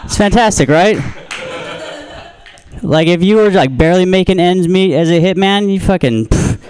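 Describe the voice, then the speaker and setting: A man doing a stand-up comedy set with dark deadpan humor and lots of swearing, acting out the people in his stories. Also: sits high, normal speed. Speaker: stand-up comic. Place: comedy club or open mic room.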